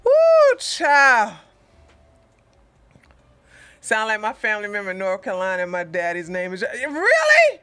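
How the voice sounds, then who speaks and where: A woman hosting a casual livestream, chatty and rambling, dropping into a low drawl and then jumping up into high exclamations. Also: steady tone, very fast, few pauses, bright, forceful tone, smooth, no room sound. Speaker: channel host.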